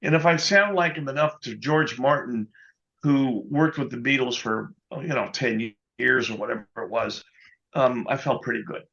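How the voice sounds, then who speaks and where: A man being interviewed as a guest musician, telling an anecdote in a casual, animated way, often adding "you know". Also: mid-range voice, normal speed, dull audio. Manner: animated anecdote teller, quotes others, many "you know"s.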